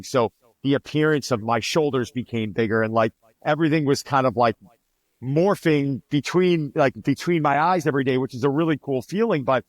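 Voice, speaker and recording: A man's voice: mid-range voice, normal speed, no echo. A man, a fitness trainer guest on a podcast, telling stories in a casual interview and acting out quoted dialogue. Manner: animated, acts out quoted dialogue.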